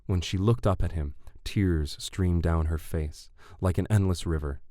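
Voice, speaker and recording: A man narrating a dark fantasy audiobook in a measured, deliberate way. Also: low-pitched, fairly even intonation, creaky, no room sound, clean studio sound.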